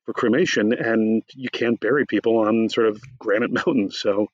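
A man discussing his book in an animated conversation, talking fast and excitedly with many asides. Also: on the low side, slightly rough, no echo, highs cut off.

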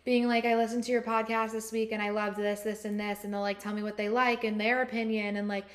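A woman's voice: medium pitch, flat delivery, fast. A woman co-hosting a podcast in casual chat, talkative and full of fillers, laughing often. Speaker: podcast co-host.

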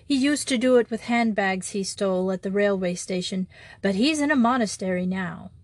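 A woman voicing a meek, apologetic little male country priest who speaks simply and gently. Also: mid-range voice, moderate pace, no room sound, natural voice.

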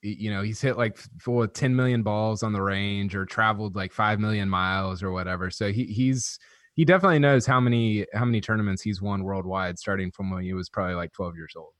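A man's voice: lowish voice, steady tone, a little fast, a bit bright, no echo, studio quality. A man who writes about golf, chatting on a podcast and telling stories in a wry, self-amused way. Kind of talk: casual podcast chat.

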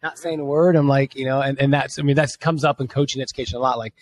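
Give him a man hosting a podcast who talks fast and keeps things light. He asks his questions quickly and keeps up a steady flow of agreeing noises while his guest talks. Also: medium pitch. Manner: quick, chatty, lots of affirming backchannels. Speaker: podcast host. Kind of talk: casual interview chat.

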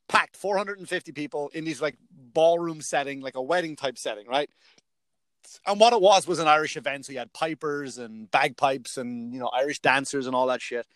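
A male stand-up comedian with a slightly high, somewhat bright voice and no room sound chats casually. He tells stories from his gigs, swears freely, and acts out what other people said.

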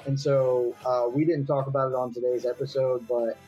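Excited male podcast panelist. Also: mid-range voice, moderate pace, highs cut off, faint music behind. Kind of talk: casual chat.

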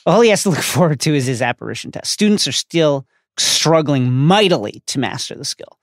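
A man's voice: a little high, lively intonation, a little fast, no room sound, studio quality. A man co-hosting a podcast, retelling book chapters in a jokey, casual way with slang. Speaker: podcast co-host. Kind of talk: casual book recap chat.

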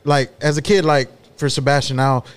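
A man's voice: mid-range voice, level tone, normal speed, clean tone. A man with a Texan accent making an emphatic point in a casual podcast chat, repeating himself for emphasis. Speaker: podcast co-host.

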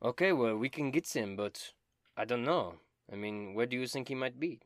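A man's voice: medium pitch, normal speed, dry recording, clean studio sound, voice pushed up, natural voice. A man doing a pompous bard. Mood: scheming. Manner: formal, self-important, excitable. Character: scheming male bard, polite and ambitious.

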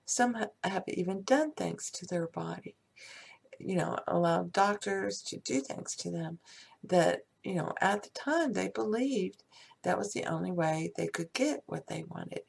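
A woman speaks slowly and loosely about spiritual acceptance, drifting between thoughts and softly repeating affirmations. Her voice has a gravelly, husky grain, and she takes her time over every phrase. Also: on the low side, animated. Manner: slow, meandering, soft affirmations. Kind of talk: casual spiritual talk.

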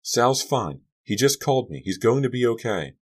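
An earnest, worried teenage girl, as a deep-voiced male reader puts her on, lifted well above his own very low voice. She pleads and urges in a storybook reading. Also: brisk. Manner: pleading, breathless urgency. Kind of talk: audiobook character voice.

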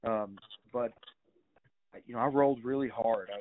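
A man's voice: mid-range voice, measured pace. A middle-aged man telling stories casually as a guest, rambling with many fillers and some swearing. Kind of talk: casual storytelling. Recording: tinny phone-like sound.

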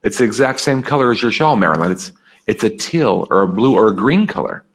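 A man speaking to a live and virtual audience in a lively, animated voice whose pitch moves all over. He coaxes answers from the room, calls on people by name and echoes their replies back. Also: a little fast. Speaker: speaker leading a workshop. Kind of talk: interactive seminar talk to a live and online audience.

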